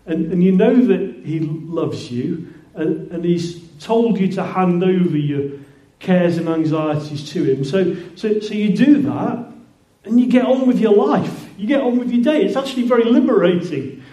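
A man's voice: sits high, a little slow, few pauses, warm tone. A man preaching a sermon in a conversational way, often repeating words and restarting phrases. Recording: roomy echoing hall.

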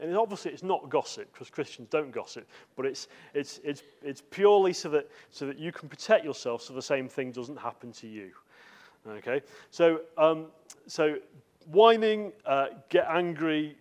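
A man giving a sermon in a church, talking conversationally with asides and filler words. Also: a little high. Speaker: preacher.

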